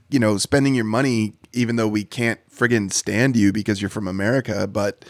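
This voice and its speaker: A middle-aged man with a low, gravelly voice gives his opinions in a rambling, casual way. The sound is dry and close to the mic. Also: steady tone, brisk, dry recording. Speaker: podcast co-host. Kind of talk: casual chat.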